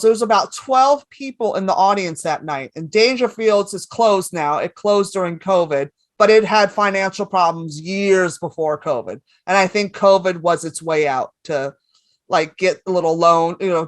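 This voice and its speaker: A woman comedian guesting on a podcast, telling stories in an animated, rambling, profane way. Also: medium pitch, no echo. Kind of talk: casual podcast storytelling.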